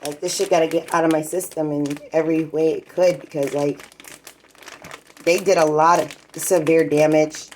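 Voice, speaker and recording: A woman's voice: low voice, fairly even intonation, moderate pace, a little mellow, a little hiss or hum, low-quality recording. A woman in a rambling, agitated and profane casual vlog rant, talking at home in her apartment while cooking.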